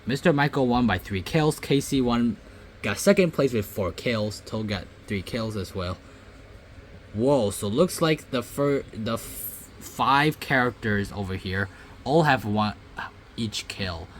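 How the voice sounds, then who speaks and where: A young man casually reading out game results and reacting with loud, surprised outbursts. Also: medium pitch, lively intonation, a little slow, a little hiss or hum. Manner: reads results aloud, then breaks into loud surprised outbursts. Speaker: gaming YouTuber reading a simulator.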